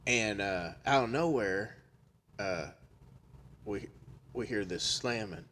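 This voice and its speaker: Man, casual storytelling, lively pitch, laughs often, acts out quotes. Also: slow, long pauses, slight background noise.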